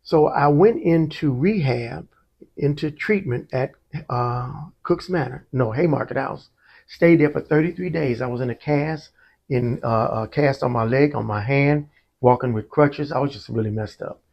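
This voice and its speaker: A man's voice: medium pitch, a little slow, vocal fry, lo-fi sound. A man, a church musician, telling his life story to an interviewer and acting out the voices of people in it. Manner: storytelling, acts out quoted voices. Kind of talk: conversational testimony.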